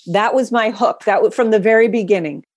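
A woman guest on an interview, a public speaker explaining her talk with animated, dramatic storytelling. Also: mid-range voice, brisk, slight background noise.

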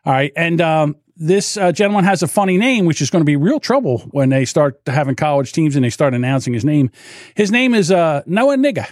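A man's voice: on the high side, expressive, a little fast, darkish tone, no room sound, clean studio sound. A man co-hosting a podcast in casual chat, joking and provocative, often repeating himself. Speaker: podcast co-host.

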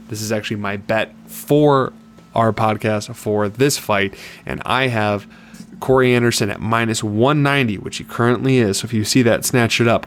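A man co-hosting a casual fight podcast speaks in a lowish voice. He talks confidently and upbeat about his picks and bets. A faint hum sits under the recording. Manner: confident, upbeat betting talk. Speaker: podcast co-host.

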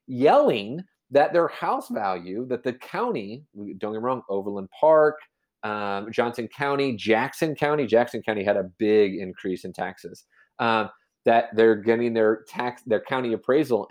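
A man explaining real estate in a casual podcast chat, rambling with many restarts and fillers. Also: medium pitch. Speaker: real estate agent guest.

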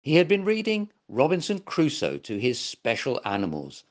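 An older man reading a children's story aloud as host, very expressive. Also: medium pitch, normal speed. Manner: warm, very expressive read-aloud delivery.

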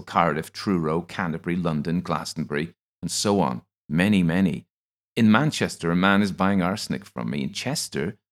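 A man voicing a wise, courteous male apothecary shopkeeper in an audiobook, speaking in a measured, formal way. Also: low-pitched, pitched above the performer's own voice. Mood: matter-of-fact. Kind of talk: audiobook character voice.

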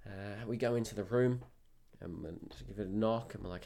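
Animated man telling a story. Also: fairly low pitch, normal speed, creaky. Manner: animated, acting out dialogue. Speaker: tour guide. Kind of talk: storytime narration.

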